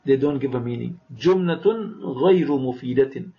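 A man teaching vocabulary, who says each word slowly twice, explains it, and often checks with "right?". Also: mid-range voice. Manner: asks "right?" to check understanding. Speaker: Arabic teacher. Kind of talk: vocabulary lesson. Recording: dull lo-fi recording.

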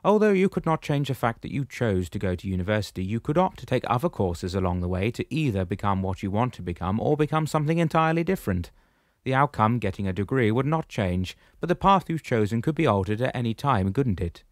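A man's voice: medium pitch, expressive, fast talker, no echo, clean studio sound, voice pushed up, lightly acted. A man voicing a patient old shepherd sage. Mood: calm explaining. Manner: patient, explaining, gently lecturing. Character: wise calm old male shepherd spirit.

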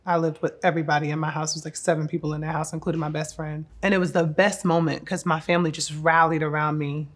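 A woman's voice: low-pitched, flat delivery, fast, few pauses. A woman in her thirties from Newark, New Jersey, talking through her acting career in a casual, heartfelt and playful way. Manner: effusive and heartfelt, with playful asides. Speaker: actress.

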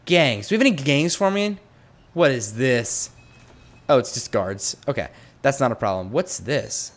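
A young adult man hosting a let's play, chatting through a prison-building game with mumbled asides and excited yelps. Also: mid-range voice, normal speed. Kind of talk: gameplay commentary.

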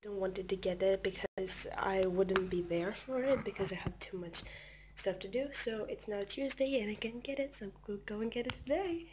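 A teenage girl vlogging on her phone, gushing and halting, repeating herself with excitement. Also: medium pitch, background noise. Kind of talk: casual excited vlog.

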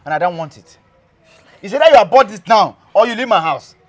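A man's voice: high voice, lively intonation, a little fast. A man playing a cruel taunting husband. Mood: menacing. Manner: taunting, menacing, tag questions "eh?". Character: cruel, spiteful husband threatening his pregnant wife. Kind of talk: web skit drama acting.

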